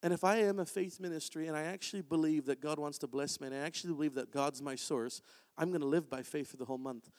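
A man delivers a sermon in a lively, conversational manner. His voice sits high for a man. The sound rings with a long reverb from a church sanctuary. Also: fast talker. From Canada. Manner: animated, conversational preaching with acted-out quotes. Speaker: pastor.

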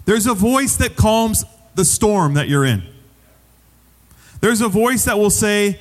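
Pastor preaching in a reverberant hall. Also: male voice, sits high, unhurried. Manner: conversational preaching, repeats phrases for emphasis. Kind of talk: sermon.

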